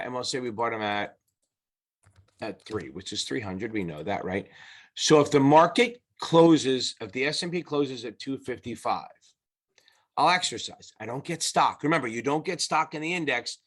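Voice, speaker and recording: A man tutors exam students at a whiteboard in a loose, casual lesson, restarting sentences and letting slip the odd swear word. His voice is mid-range with a fairly bright tone.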